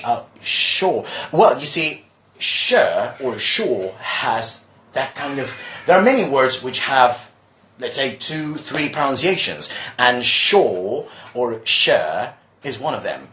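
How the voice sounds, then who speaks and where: A man's voice: mid-range voice, very animated, slow, pushed and bright, roomy sound. A man teaching English in a live stream, chatty and casual, reading viewer questions aloud as he goes. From Argentina. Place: room at home.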